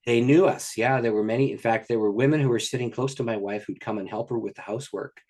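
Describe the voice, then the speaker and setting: A pastor, a man, telling a story as a guest in an interview, in an animated and excited way. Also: mid-range voice, fast.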